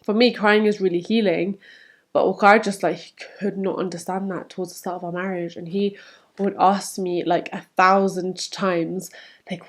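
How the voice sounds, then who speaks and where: A woman's voice: mid-range voice, normal speed. A young woman vlogging to camera, speaking candidly and chattily, and acting out remembered quotes. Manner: candid, animated, acts out quotes.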